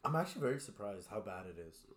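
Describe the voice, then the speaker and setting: A man's voice: on the low side, sing-song, fast, a bit bright. A young man telling a story in casual chat, laid-back and swearing freely, with lots of "like" and "bro".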